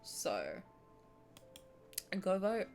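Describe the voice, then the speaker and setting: A young adult woman streaming, chatting casually and reading game text aloud in an animated, joking way, giggling and swearing. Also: mid-range voice, very slow, gravelly. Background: faint game music.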